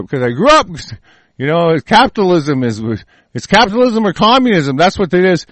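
Guy ranting angry, swearing nonstop, kinda high voice, dead dry sound. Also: sing-song, normal speed, fairly bright tone, no room sound. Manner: profane, heated, stumbling ranting. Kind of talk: angry political rant.

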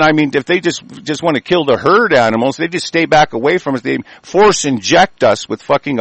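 A man from the United States delivering a heated, profane monologue rant, cursing constantly and growing louder as he argues. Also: on the high side, dry recording.

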